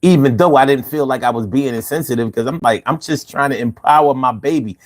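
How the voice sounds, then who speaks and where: An animated man tells a story straight into the camera, loose and full of slang. His pitch sits in an ordinary middle range. He swears freely and pokes fun at himself as he goes. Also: a little fast, a little hiss or hum. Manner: profane, animated, slangy, self-mocking. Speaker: vlogger. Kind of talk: casual storytelling monologue.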